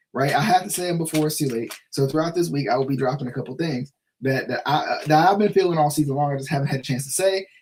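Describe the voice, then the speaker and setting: A man with a slightly high voice hosts a casual sports live stream. He vents his frustration, circles back to the same points and keeps asking "right?" as he talks straight to his viewers. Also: darkish tone. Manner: frustrated, repetitive, full of restarts and "right?". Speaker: sports show host.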